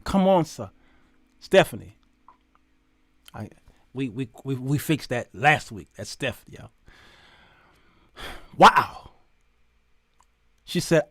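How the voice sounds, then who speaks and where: A middle-aged man hosting his show, telling stories in a preachy, animated sermon style and quoting God in a stern voice. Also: mid-range voice, slow, long pauses, dry recording, studio quality. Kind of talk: sermon-like storytelling monologue.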